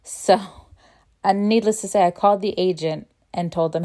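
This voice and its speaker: A woman's voice: on the low side, normal speed, warm tone. A woman who works as a real estate agent, telling stories in a casual, earnest vlog and acting out the people she quotes.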